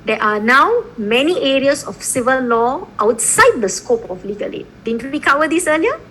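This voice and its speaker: A woman lecturing a law class, her voice sitting a little high and swinging widely in pitch. She keeps tossing in quick checks with her students as she explains. A faint hiss sits under the recording. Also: low-quality recording. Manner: lively, repeatedly checking in with "okay?" and "right?".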